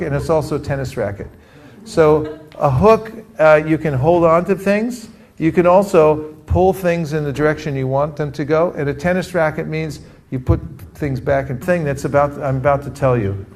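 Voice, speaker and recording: Energetic man leading a group drill. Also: a little high, a little hiss or hum. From California. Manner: energetic, calls for audience responses. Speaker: teacher leading a training session. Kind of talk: interactive workshop talk. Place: room with a live group.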